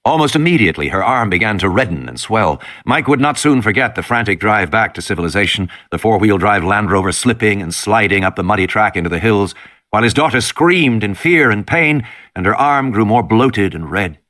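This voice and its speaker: Expressive male audiobook narrator. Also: on the low side, a little fast.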